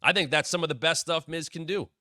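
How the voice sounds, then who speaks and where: A man's voice: on the high side, fast, sharp tone, no echo, studio quality. A man hosting a wrestling podcast, talking in a blunt, opinionated way with casual swearing. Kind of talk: opinionated commentary.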